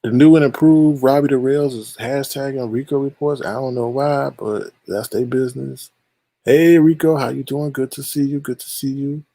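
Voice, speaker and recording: Male livestream host with a gravelly, raspy voice; playful, shady gossip commentary while reading chat. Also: medium pitch, steady tone, moderate pace, mellow, no room sound.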